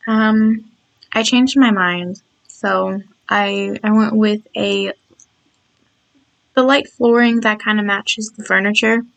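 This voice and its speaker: A tired woman with a slightly croaky, scratchy voice, chatting casually over a video of her game build and rambling with lots of restarts. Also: mid-range voice, fairly even intonation, takes it slowly, fairly bright tone. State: tired and yawning.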